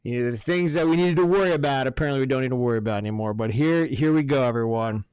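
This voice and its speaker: A man co-hosting a casual podcast, rambling and swearing his way through excitable rants. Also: mid-range voice, very fast, clean tone, no room sound, clean studio sound. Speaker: podcast co-host.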